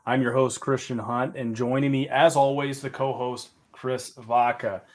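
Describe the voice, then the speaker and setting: A man with a Southern American accent hosts a casual sports podcast. He talks in a relaxed, rambling way, with loose asides and the odd curse. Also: medium pitch, unhurried. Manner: laid-back, rambling, swears casually. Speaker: podcast host.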